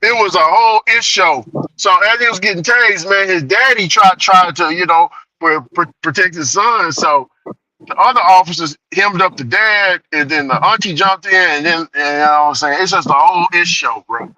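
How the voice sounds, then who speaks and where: A man's voice: sits high, normal speed, no echo, low-quality recording. A man telling a story in casual chat as a delivery driver vlogger, laughing often. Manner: laughing, animated retelling.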